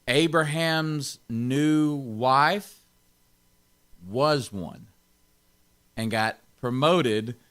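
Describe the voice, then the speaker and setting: A man's voice: mid-range voice, very slow, long pauses, a bit bright, smooth. A man pastor giving an informal Bible teaching, stressing key words and chuckling often.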